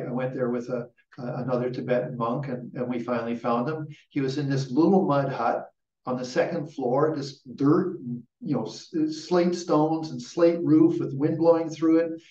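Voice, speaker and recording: A man's voice: fairly high pitch, darkish tone. A middle-aged man, a lama, gives a casual Dharma teaching full of personal anecdotes, rambling with frequent restarts and laughter. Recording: distant, roomy and dull-sounding.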